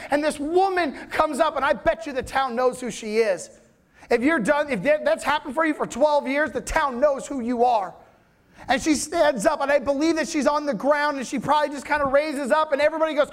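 A man with a very high voice delivers a conversational sermon as a pastor. He keeps asking his listeners whether they follow. He slips into the voices of people in the story as he tells it. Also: normal speed. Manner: conversational preaching, checks in with listeners often.

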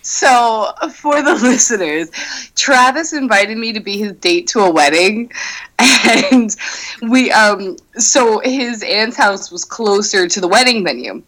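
A woman's voice: on the high side, expressive, slow, fairly bright tone, rough recording. Chatty woman co-hosting a podcast. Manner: chatty, reacts with short comments and laughs. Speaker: podcast co-host. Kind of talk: casual chat.

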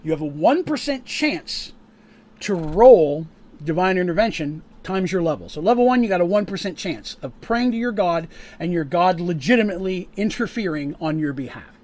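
A man narrating a tabletop game as game master, casual and full of fillers, pausing to explain rules. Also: high voice, expressive, a little mellow.

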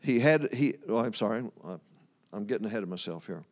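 A man's voice: fairly low pitch, lively intonation, brisk. A man preaching a sermon in a casual, folksy way, reading scripture aloud and talking it over with his congregation. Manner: folksy, talks to the congregation, loses his place and laughs.

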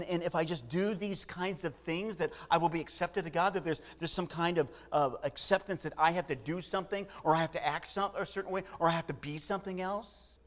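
A man preaching a sermon, animated and full of restarts, acting out the voices of people in the story. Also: a little high. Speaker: pastor.

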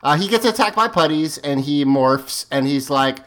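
A man's voice: on the high side, expressive, fairly bright tone. Man recapping with many restarts. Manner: halting recap with many ums and self-corrections. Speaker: podcast host recapping an episode. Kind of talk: casual chat.

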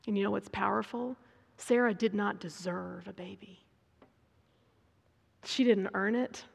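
Woman preaching, gravelly husky voice, dramatic whispers and loud emphasis, long hall reverb. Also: mid-range voice, fairly even intonation, a little slow, pauses often. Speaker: speaker preaching to a women's gathering. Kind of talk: sermon.

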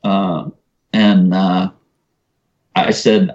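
A man with a somewhat low voice tells a personal story in an earnest, conversational way. He fills his talk with casual asides. The recording sounds a little muffled and lo-fi. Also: normal speed, a little mellow. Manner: earnest, conversational, uses "you know" and "man". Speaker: podcast guest.

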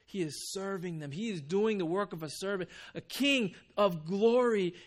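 A man preaching a conversational sermon as pastor. He tells stories with energy and drops to a soft, quiet voice for reflective points. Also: high voice, normal speed. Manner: conversational, animated when telling stories.

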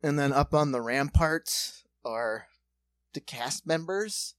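A man in casual podcast chat, telling a profane, animated story and slipping into quick character voices. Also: on the high side, dry recording.

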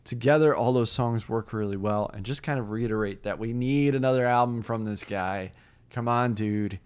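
Brief: male podcast host, mid-pitched, casual and upbeat, laughs easily, talks in loose rambling runs. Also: normal speed, clean tone.

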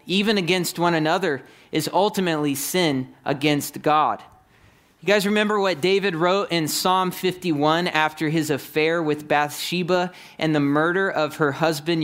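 Earnest male preacher, slightly high voice. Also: fairly bright tone. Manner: earnest, explanatory, addresses congregation directly. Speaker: pastor. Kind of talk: sermon.

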